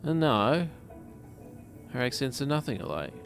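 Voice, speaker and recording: A man's voice: medium pitch, very animated, a little slow, faint music behind. A man with a New Zealand accent, casually commenting on a game and reading its messages aloud with jokes. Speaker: streamer.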